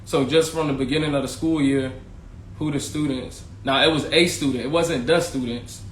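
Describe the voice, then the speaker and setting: Speaking at a normal speed with fairly even intonation, this former teacher hosts a podcast from an echoey room with faint ambience and a little hiss or hum. His voice is mid-range. He tells his own story casually and candidly, with slang and free swearing, addressing his viewers directly.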